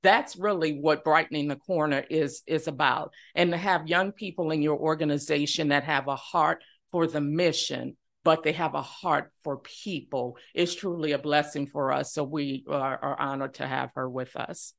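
Gravelly-voiced woman, earnest guest. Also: sits low, fairly even intonation, normal speed. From New Orleans, United States. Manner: earnest, speaks in repeated rhythmic phrases. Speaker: nonprofit CEO, podcast guest. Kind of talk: reflective interview answers.

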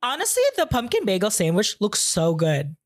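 A woman's voice: medium pitch, wildly swooping pitch, moderate pace. A woman co-hosting a podcast, playful and giggly in casual group chat. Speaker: podcast co-host.

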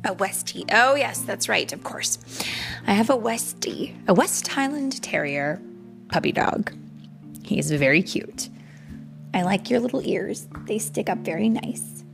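A woman reading a children's story aloud to her child in a gentle, playful way. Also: medium pitch, expressive, unhurried, vocal fry, faint music behind.

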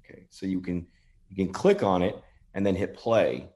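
Low-voiced earnest man demonstrating. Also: normal speed. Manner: earnest and thankful, speaks gently to spirits. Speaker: paranormal app demonstrator. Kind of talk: casual demonstration talk.

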